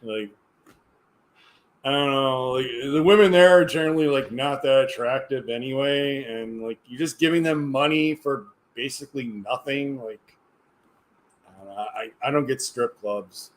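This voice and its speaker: A man talks on a livestream in a loose, rambling way at an ordinary mid pitch. He sounds tired, restarts his sentences and lets them trail off into quiet mumbling. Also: measured pace. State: tired, yawning. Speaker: livestreamer reading chat. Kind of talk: casual livestream chat.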